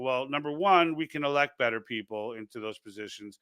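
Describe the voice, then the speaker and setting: A man with a New York accent hosts a casual political livestream and reads viewer comments aloud. His voice is bright and crisp. He rambles and restarts his sentences, and the recording is close and dry. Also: mid-range voice, brisk, few pauses, no echo. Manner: rambling, many restarts and repeated words. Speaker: livestream host reading chat comments.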